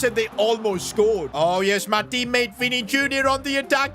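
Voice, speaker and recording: A young man giving excited gameplay commentary, talking to his viewers as boys and shouting at big chances. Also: high voice, brisk, few pauses, over music. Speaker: gaming YouTuber.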